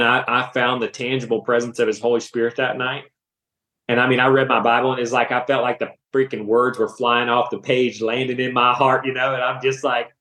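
Man telling his faith story in a roomy echo. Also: mid-range voice. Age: 30s. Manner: animated, emotional storytelling with casual slang. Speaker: podcast guest. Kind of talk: personal faith testimony.

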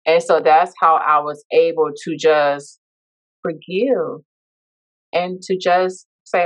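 Woman guest on a podcast, heartfelt and reflective, kinda low voice, muffled lo-fi audio. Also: fairly even intonation, slow. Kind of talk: personal storytelling. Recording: dull lo-fi sound.

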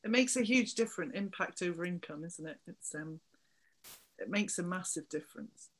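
A woman in her forties from England, with a slight Somerset twang and a fairly low, slightly bright voice, chats animatedly at a normal pace. She's a business founder appearing as a guest in a casual interview, staying upbeat and laughing easily.

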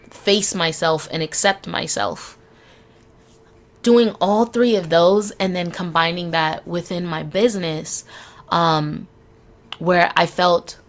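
A young woman hosting a solo podcast, speaking candidly and frankly, swearing freely and laughing between phrases. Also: lowish voice. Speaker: podcast host.

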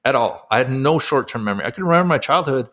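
A man's voice: mid-range voice, animated, quick pace, a bit bright. A man in his forties, a former athlete turned coach, telling his personal story as an interview guest, candid and emotional, with many fillers.

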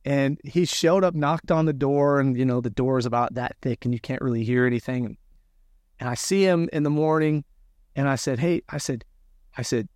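A man with a somewhat high voice tells his story, lively and animated, and he acts out each quoted line. The sound is dry and close, with no room echo. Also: a little fast. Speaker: guest telling his story. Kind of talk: conversational storytelling.

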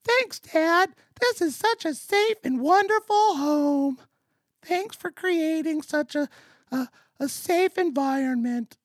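A syrupy little boy piping up in a squeaky falsetto, far above a grown man's range, overly sweet and grateful. The sound is dry and close, with almost no room around it. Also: animated, slow pace, dry recording, heavily acted. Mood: sugary. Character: young boy before puberty, sweetly fake-grateful.

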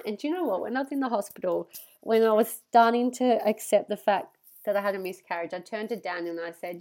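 A woman's voice: medium pitch, fast talker. A young woman hosting a podcast, talking candidly and animatedly, swearing freely and acting out what people said, her nose stuffy from crying. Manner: candid, sweary, animated retelling with voiced quotes. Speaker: podcast host. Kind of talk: casual personal monologue.

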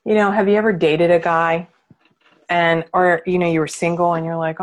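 A woman's voice: lowish voice, normal speed. A woman coaching her clients in a candid training talk, emphatic and blunt, and she swears freely. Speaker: marketing coach.

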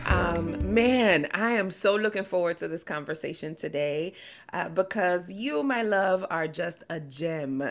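A woman's voice: fairly low pitch, expressive, a little slow, soft background music. A woman with a Spanish accent interviewing a guest on a podcast, effusive and enthusiastic. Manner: effusive, enthusiastic, warm praise. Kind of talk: casual interview.

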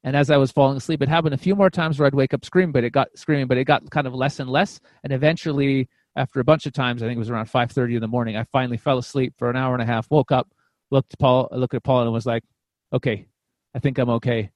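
A man, a comedian and podcast guest, telling a candid personal story in an animated way, often repeating words and restarting, with casual swearing. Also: medium pitch, fast, no echo.

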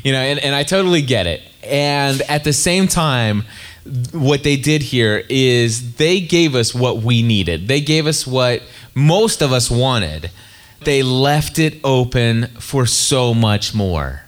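A man's voice: mid-range voice, expressive. Eager man co-hosting a podcast. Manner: eager, talks in quick bursts with restarts. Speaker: podcast co-host. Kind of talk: casual chat.

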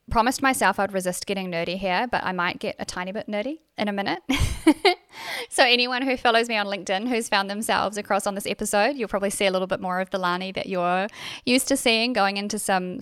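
A woman's voice: medium pitch, a bit bright, dry recording, clean studio sound. A woman with a New Zealand accent hosting a solo podcast, chatty and self-deprecating, with fillers and restarts. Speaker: podcast host.

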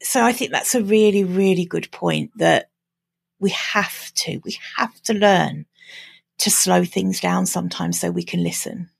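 Gravelly, husky woman podcast host. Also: on the low side, a little slow. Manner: warmly agreeing, emphatic. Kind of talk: casual podcast conversation.

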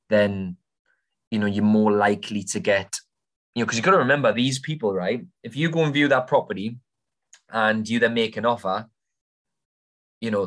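Young male host, slightly low voice, cheeky and blunt, casual advice monologue. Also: fairly bright tone. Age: young adult. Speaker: podcast host, property investor.

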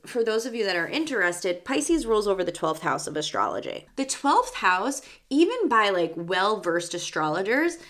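A woman's voice: mid-range voice, fairly bright tone. A young adult woman hosting a spiritual podcast as a psychic medium, talking in a chatty, bubbly way with lots of fillers. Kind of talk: casual chat.

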